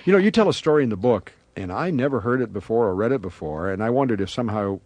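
A man's voice: lowish voice, expressive, fast talker, darkish tone, no room sound. Male talk show host asking questions. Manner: conversational, prompting questions. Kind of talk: interview.

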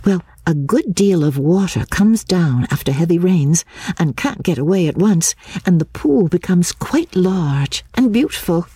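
A woman's voice: on the low side, expressive, a little slow, mellow, husky, no echo, voice pushed up. A woman reading the lines of a dreamy, frank young woman in a novel, raising her voice for the part.

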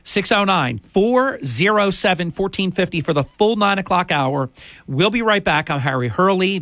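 A man's voice: on the high side, a bit bright, no room sound. A man hosting a talk radio show, ranting emphatically and indignantly into a studio microphone.

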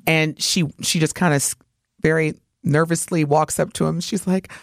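A woman co-hosting a morning radio show, telling a story in lively chat and acting out the voices of the people in it. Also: low-pitched, moderate pace, no echo, studio quality. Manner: animated, acts out voices while telling a story. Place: radio studio.

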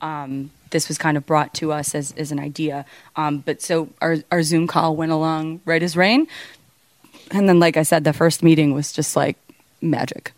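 A woman's voice: sits low, fairly even intonation, normal speed, no echo. A young woman, a band's singer, chatting in an interview and laughing often as she tells stories. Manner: bubbly, laughs often while telling stories. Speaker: band singer. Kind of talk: casual interview chat.

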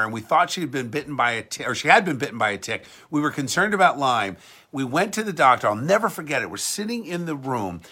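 Emphatic, lively-voiced male talk host. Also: on the high side. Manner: emphatic, combative, ranting; repeats words and restarts when heated. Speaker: podcast and show host. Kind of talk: talk-radio style monologue.

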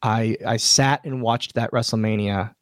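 A man guesting on a podcast, telling animated stories and acting out quoted lines in casual conversation. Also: on the low side, measured pace, no echo, studio quality. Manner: animated anecdotes with acted-out quotes. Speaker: podcast guest, wrestler and wrestling school owner. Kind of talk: casual interview storytelling.

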